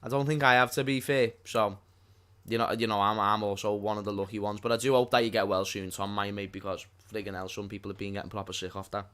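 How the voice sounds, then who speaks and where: A man's voice: fairly low pitch, flat delivery, fast, fairly bright tone, smooth. A man co-hosting a casual live stream from his own small studio, laid-back and slangy, swearing casually. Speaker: stream co-host.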